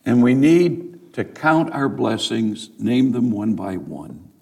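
Slow gravelly-voiced male preacher. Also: medium pitch, sing-song, darkish tone. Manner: earnest preaching with rising emphatic peaks; addresses the congregation directly, with storytelling asides. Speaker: pastor. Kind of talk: sermon.

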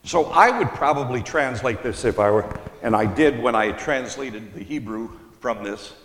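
A man preaching an expository sermon, teaching slowly and deliberately and stressing key words. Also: medium pitch, animated, a bit bright, slight background noise. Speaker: pastor. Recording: echoey hall with long reverb.

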